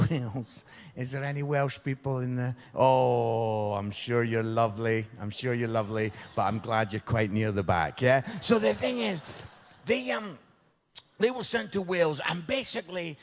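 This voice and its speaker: An English man preaching a humorous sermon, telling stories and asking the congregation questions. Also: medium pitch. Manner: jokey, chatty, asks the congregation questions. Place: church hall. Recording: long reverb of a church hall.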